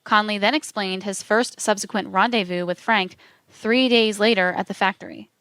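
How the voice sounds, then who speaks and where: A woman narrating a true-crime account in a measured, even reading, voicing quote marks aloud. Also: medium pitch, smooth, dry recording.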